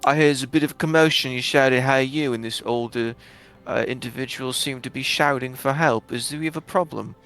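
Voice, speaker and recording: A man playing a towering male orc city guard who talks in a courteous, measured and mildly stern way. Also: mid-range voice, a bit bright, smooth, faint music behind, natural voice. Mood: questioning.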